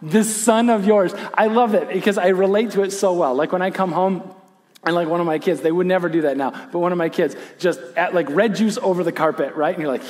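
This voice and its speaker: A man preaching a sermon, animated in his storytelling, who acts out quoted lines and drops to a hushed intensity. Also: sits high, fairly quick, long reverb tail. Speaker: pastor.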